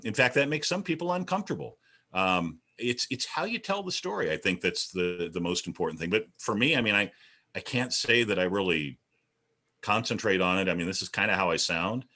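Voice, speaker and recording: A veteran radio broadcaster, a man, projecting loudly in a panel discussion. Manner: projecting, booming delivery. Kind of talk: panel discussion over video call.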